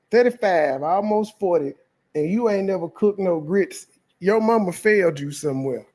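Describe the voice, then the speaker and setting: High-voiced man mocking a video clip. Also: animated, moderate pace, mellow. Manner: mocking, blunt, heavy cursing. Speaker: reaction channel host. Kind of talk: profane reaction commentary.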